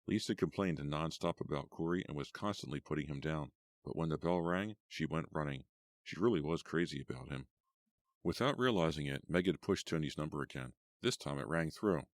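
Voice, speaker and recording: A man narrating an audiobook in a steady, even reading. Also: a bass voice, normal speed, no room sound.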